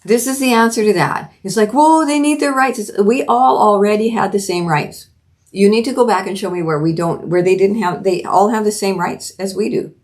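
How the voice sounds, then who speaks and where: A woman's voice: mid-range voice, normal speed, a little mellow. A middle-aged woman from Canada hosting a solo commentary podcast, talking earnestly and emphatically with frequent restarts. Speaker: podcast host.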